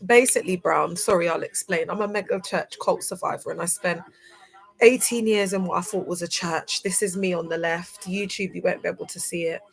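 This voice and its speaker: Young adult woman, lower voice, teary and sniffling, effusive livestream host. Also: fairly even intonation, a little fast, creaky, low-quality recording. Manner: tearful and effusive, greeting viewers by name. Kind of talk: emotional livestream chat.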